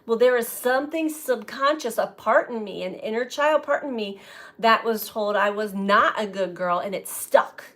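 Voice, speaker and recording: A woman tarot reader reflecting aloud in a slow, musing way, often breaking into light laughter. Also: a little high, expressive, fairly bright tone. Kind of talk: spiritual reflection to camera.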